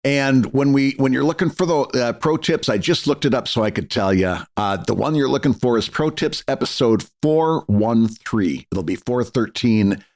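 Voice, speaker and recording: An American man co-hosting a podcast, explaining things in a relaxed, rambling chat. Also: medium pitch, moderate pace, hardly any pauses. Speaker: podcast co-host. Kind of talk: casual chat.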